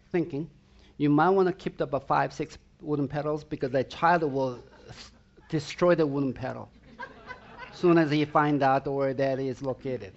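Slow gravelly preacher man. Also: fairly high pitch, highs cut off. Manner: emphatic preaching with repeated rhetorical questions to the congregation. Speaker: pastor. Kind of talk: sermon.

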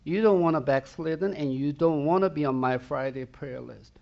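A man's voice: on the high side, moderate pace, vocal fry, highs cut off. A man preaching a sermon, emphatic and direct, who keeps asking the congregation whether they are with him. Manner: emphatic preaching with repeated rhetorical questions to the congregation. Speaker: pastor.

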